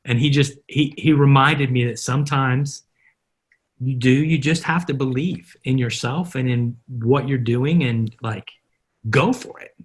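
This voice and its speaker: Husky man telling animated stories. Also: medium pitch, measured pace. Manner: animated anecdotes, acting out quoted dialogue. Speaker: guest, marketer. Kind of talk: storytelling in a podcast interview.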